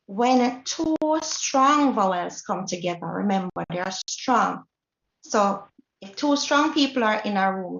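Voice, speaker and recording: A woman's voice: medium pitch, gravelly. Jamaican woman teaching a Spanish lesson. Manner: explanatory, checks in with the class. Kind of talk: classroom lesson. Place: classroom or workshop hall. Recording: roomy, dull lo-fi recording.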